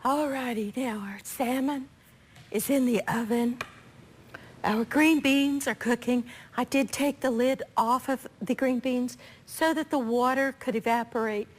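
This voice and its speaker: A woman hosting a live cooking demonstration, her voice raspy from allergies, chatting homily with viewers. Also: on the high side, steady tone, unhurried. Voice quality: chatty, homey, talks to viewers directly. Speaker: cooking show host.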